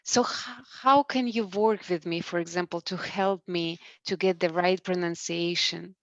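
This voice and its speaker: A woman in an online class asking the teacher a question, halting and searching for words over a video call. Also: lowish voice, fairly even intonation, fairly bright tone, dry recording, lo-fi sound. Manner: hesitant, halting, with many fillers and restarts. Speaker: class participant.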